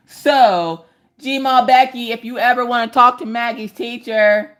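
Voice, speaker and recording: A woman's voice: on the high side, slow pace. A woman in her thirties hosting a casual livestream, telling family stories with frequent laughter. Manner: animated, laughs often while telling stories. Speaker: livestream host. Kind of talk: casual storytelling chat.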